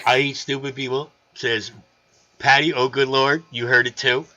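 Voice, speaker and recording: A man with a gravelly voice hosting a casual live stream, loose and excitable, reading viewer comments aloud. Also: mid-range voice, normal speed. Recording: dull lo-fi stream audio.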